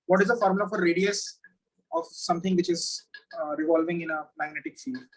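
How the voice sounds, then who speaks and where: A male physics teacher giving an oral exam over a video call. He is patient and repeats his questions slowly. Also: fairly high pitch, steady tone, poor audio.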